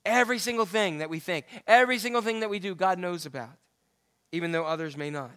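A man's voice: sits high, fast, a bit bright, clean tone. A male preacher giving a conversational sermon that quotes scripture and asks the listeners direct questions.

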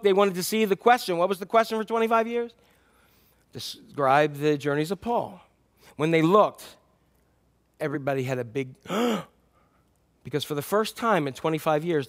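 A male pastor telling stories in a sermon, acting out the animals in the tale. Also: sits high. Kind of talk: sermon storytelling.

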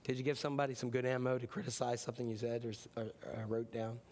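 A man in his fifties preaching a sermon in a conversational, joking way, slipping into quick impressions. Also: mid-range voice, level tone, a little mellow, slight background noise. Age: 50s. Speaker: pastor.

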